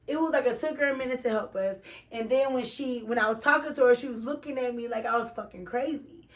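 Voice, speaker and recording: High-voiced woman telling a profane story. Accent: Texas. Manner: animated, profane, slangy, acts out quoted voices. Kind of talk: casual storytelling.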